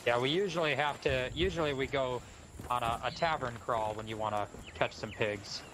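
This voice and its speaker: A man with a Midwestern accent, guesting on a comedy podcast and improvising pirate banter in a dry, halting, deadpan way. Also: medium pitch, background noise. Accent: American Midwestern.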